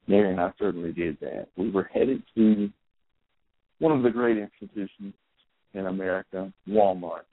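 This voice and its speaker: Telling a meandering story into his phone, this thirties-aged podcaster keeps correcting himself and leaning on fillers in a casual solo monologue. His voice sits low at a moderate pace, and the tinny, dry sound carries no room noise.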